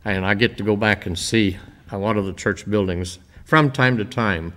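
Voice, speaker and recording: Folksy older man, low voice. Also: a bit bright. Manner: folksy, rambling storyteller with many "uh" pauses. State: emotional, voice dropping. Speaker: visiting church-building minister. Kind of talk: informal talk to a church congregation.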